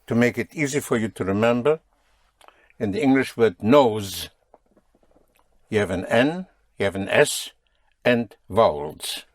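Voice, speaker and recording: A man's voice: fairly low pitch, lively intonation, a little slow, long pauses, no room sound. A man teaching a language lesson, patiently quizzing his students and explaining rules. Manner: patient, drilling students with questions.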